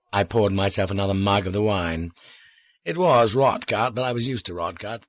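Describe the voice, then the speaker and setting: A man narrating a first-person audiobook in a dry, wry, measured way. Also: on the low side, dry recording. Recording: dull lo-fi dry recording.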